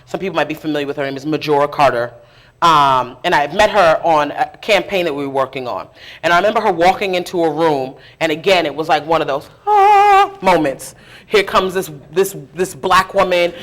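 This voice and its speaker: Speaking at a fairly low pitch, a middle-aged food justice organizer shares her story during a public live interview with an audience present. She's candid and conversational, throwing in lively asides and laughing at herself.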